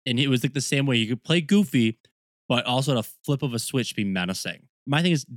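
A man's voice: mid-range voice, expressive, fast, dry recording, clean studio sound. A man co-hosting a podcast in casual chat, steadily running the segments and giving his opinions. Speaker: podcast co-host.

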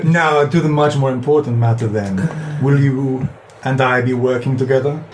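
A man's voice: medium pitch, fairly even intonation, moderate pace, background noise, lightly acted. Man voicing Jalaxel, a flirtatious rogue noble. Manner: smooth, teasing, theatrical.

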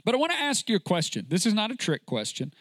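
A man's voice: high voice, wildly swooping pitch, fast talker, fairly bright tone, no echo. A man preaching a sermon to a congregation, emphatic and full of rhetorical questions.

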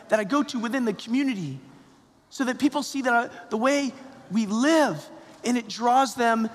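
Male priest, sermon delivery, very high pitch, conversational with emphatic peaks, reverberant church. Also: fairly bright tone. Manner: conversational, repetitive, rising to emphatic calls. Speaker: parish priest.

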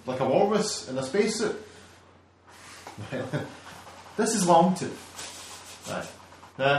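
A man's voice: medium pitch, slight background noise. A man hosting a podcast, ranting animatedly and swearing a lot in casual chat. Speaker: podcast host. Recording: echoey room, distant mic.

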